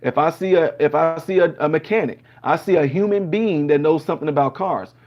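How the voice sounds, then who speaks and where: A man's voice: fairly high pitch, brisk. A man hosting a show, talking casually and acting out conversations as he tells stories. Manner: animated storyteller acting out dialogues. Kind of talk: casual opinion monologue. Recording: dull lo-fi sound.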